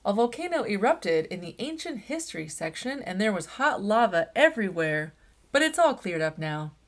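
Woman doing a cheerful warm storybook librarian, lively ups and downs. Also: mid-range voice, moderate pace, lightly acted.

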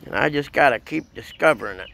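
A man's voice: medium pitch, expressive, quick pace, vocal fry, pushed and bright, a little hiss or hum, rough recording. A man voicing his small male puppy's thoughts, cheerful and eager about exploring.

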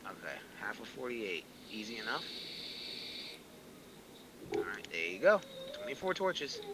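A man streaming a game, chatting casually and spinning animated stories with swearing and laughter. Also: fairly low pitch, unhurried, noisy background. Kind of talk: casual gaming chat. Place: home.

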